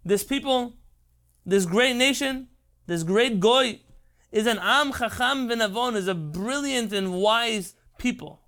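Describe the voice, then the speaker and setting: A man's voice: very high-pitched, a little slow, bright, forceful tone. A man giving an impassioned Torah lecture, emphatic and rhetorical. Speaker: rabbi.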